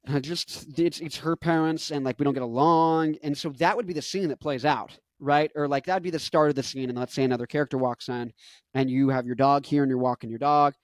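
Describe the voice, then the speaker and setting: A musician and vlogger in his twenties rambles casually and at length, full of fillers and self-corrections. His fairly high voice stays steady and brisk, with no room sound.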